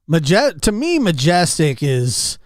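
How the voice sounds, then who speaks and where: A man's voice: fairly high pitch, big pitch swings, slow pace, no room sound, clean studio sound. A man chatting casually with his stream chat, telling rambling anecdotes and calling out viewers by name. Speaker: livestreamer.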